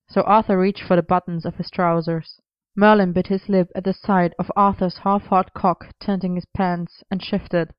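A woman reading a story aloud in steady, even narration. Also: fairly low pitch, clear, resonant tone, dry recording. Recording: slightly dull, dry close recording.

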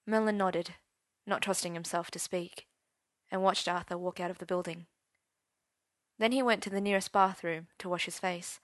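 A woman's voice: lowish voice, fairly even intonation, normal speed, fairly bright tone, no echo. A woman narrating a story aloud in an intimate, dramatic reading. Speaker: story reader.

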